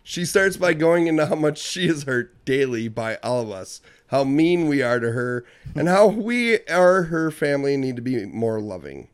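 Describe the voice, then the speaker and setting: A man's voice: medium pitch, big pitch swings, moderate pace, clean tone. A man co-hosting a podcast, reading listener letters and arguing bluntly with profanity. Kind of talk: crude casual banter.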